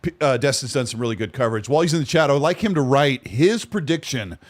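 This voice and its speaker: A man's voice: medium pitch, animated, quick pace. A man hosting a gaming podcast, chatting casually, teasing his co-host and reading from the chat. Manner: teasing, reads chat aloud.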